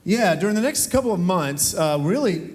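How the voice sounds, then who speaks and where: Southern-accented pastor, raised voice, friendly stage chat in a reverberant sanctuary. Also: male voice, sits high, expressive, normal speed, darkish tone. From Alabama, US South. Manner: friendly, conversational with many fillers. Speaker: campus pastor. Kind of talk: onstage church interview. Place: church sanctuary. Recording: long hall reverb.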